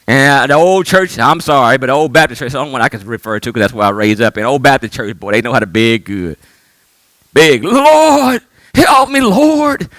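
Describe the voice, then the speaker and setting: A middle-aged man a sermon as pastor, calling for responses and swinging between loud shouts and hushed lines. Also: medium pitch, no room sound.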